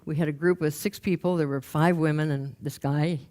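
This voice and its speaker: A woman's voice: low-pitched, fairly quick. A woman career coach giving a talk, telling anecdotes and acting out the people in them. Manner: animated, acts out the people in her anecdotes. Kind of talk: storytelling talk to an audience.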